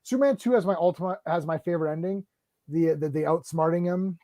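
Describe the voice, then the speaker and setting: A man hosting a livestream in casual chat, excitable and stumbling over his words as he restarts sentences. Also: fairly high pitch, quick pace, no room sound. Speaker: livestream host.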